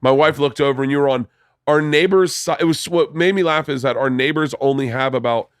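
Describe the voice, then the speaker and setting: A man's voice: a little high, brisk, clear, resonant tone, dry recording, studio quality. Laid-back man hosting a podcast. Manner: laid-back, agreeable, storytelling. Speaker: podcast host. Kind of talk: casual chat.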